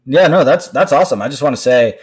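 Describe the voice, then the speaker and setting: A man co-hosting a podcast, chatting casually and telling stories in an animated way, breaking into laughs. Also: medium pitch, fast, husky. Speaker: podcast co-host. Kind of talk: casual chat.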